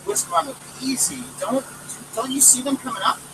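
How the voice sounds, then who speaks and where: A man reading aloud, voicing a young peasant girl who talks briskly and reassuringly, recorded from a distance with traffic behind. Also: high voice, voice pushed up. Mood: urgent. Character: brave young peasant girl, eldest daughter.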